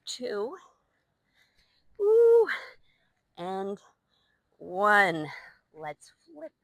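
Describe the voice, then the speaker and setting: A woman's voice: medium pitch, animated, slow, fairly bright tone, dry recording. A young woman leading a Pilates workout, out of breath as she exercises along, counting reps and giving encouraging cues. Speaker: Pilates instructor. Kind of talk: live workout instruction with counting. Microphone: new microphone.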